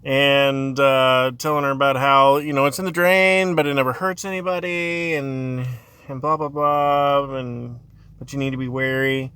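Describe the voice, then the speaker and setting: A man's voice: mid-range voice, fairly even intonation, unhurried, sharp tone, clear, resonant tone, no echo, studio quality. A man telling a funny childhood story in a casual, rambling way, laughing often and drifting off on tangents. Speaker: dad telling a family story.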